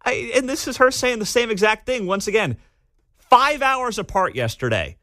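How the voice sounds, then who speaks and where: A man's voice: very high voice, very animated, normal speed, sharp tone, dry recording. A man hosting a talk radio show, giving sarcastic, incredulous commentary and taking calls. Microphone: studio microphone. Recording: dry studio sound.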